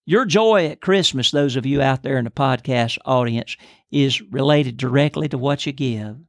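A man's voice: medium pitch, normal speed, dry recording. Earnest older preacher man, dry sound. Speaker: podcast co-host and preacher. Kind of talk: storytelling and prayer.

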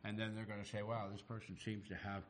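A middle-aged man preaching a sermon, animated and acting out the voices he quotes. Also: lowish voice, quick pace, background noise. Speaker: pastor.

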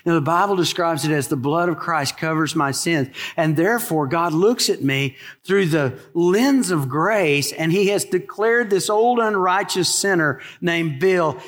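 High-voiced male pastor preaching in a reverberant church. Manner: animated preaching with rhetorical questions and asides to the congregation. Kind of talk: sermon. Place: church sanctuary. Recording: live in a church with long reverb.

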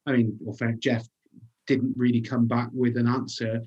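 A man's voice: medium pitch, little pitch movement, normal speed, a little mellow, husky, lo-fi sound. A man giving thoughtful opinions on football in casual chat, with frequent ums. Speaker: football show pundit.

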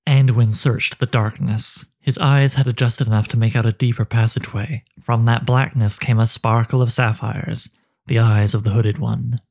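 A man narrating a dark fantasy story in a slow, measured way. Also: mid-range voice, fairly even intonation.

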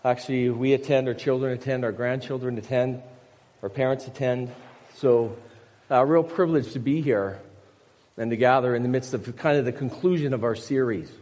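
A man's voice: medium pitch, moderate pace, a little mellow. An older man, a pastor, preaching a conversational sermon full of personal stories and rhetorical questions. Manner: storytelling with asides and rhetorical questions. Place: church sanctuary. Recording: long reverb of a church hall.

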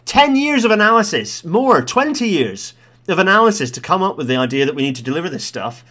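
A man's voice: high-pitched, very animated, a little fast. Guy picking apart a report, blunt and fed up, voice jumps all over the place. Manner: exasperated, blunt, swears, bursts into loud rants. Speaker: commentator. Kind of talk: commentary on a policy report.

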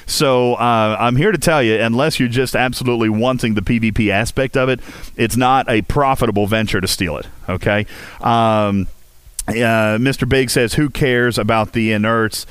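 A man hosts a game community voice chat, rambling casually to listeners with jokes and plenty of fillers and restarts. His medium-pitched voice is fairly bright and clean, at a moderate pace, with no room sound.

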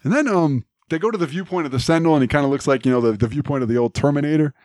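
A man's voice: a little high, racing, a little mellow, no echo. Dry-sounding man recapping with laughs. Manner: laughs often, recounts scenes with quoted lines. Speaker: podcast co-host. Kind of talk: casual chat recapping a cartoon.

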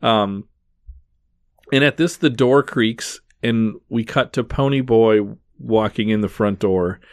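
A man with a lowish voice walks through a film scene by scene, casual and chatty, leaning on "like" and "um". He is recorded close and dry, with no room sound. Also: slow pace, no room sound. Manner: recaps scenes in detail, many fillers.

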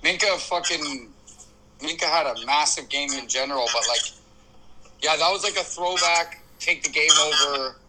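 A man's voice: on the high side, normal speed, crowd noise, poor audio. A man chatting casually on a podcast, rambling through his points with lots of fillers. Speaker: podcast co-host. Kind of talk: casual chat.

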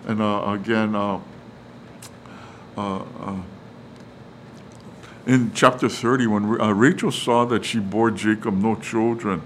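A man's voice: lowish voice, steady tone, slow pace, long pauses, a bit bright, a little hiss or hum, rough recording. A man preaching a sermon, reading Bible verses with many fillers and restarts. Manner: reads verses and acts out quotes casually. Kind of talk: sermon on Scripture.

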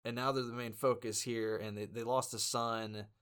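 A man co-hosting a movie review podcast, relaxed and joking, laughing often. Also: medium pitch, normal speed, smooth. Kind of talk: casual chat.

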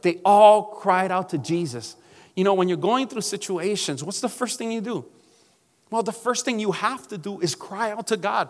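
A man's voice: sits high, moderate pace, big-room sound. A male pastor preaching a sermon emphatically, calling out to his congregation.

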